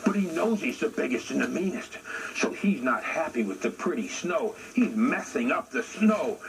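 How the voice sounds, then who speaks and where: A man telling a traditional animal story in an unhurried way, speaking directly to his listeners, in a noisy recording. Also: fairly high pitch, big pitch swings, creaky. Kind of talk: oral storytelling for an audience.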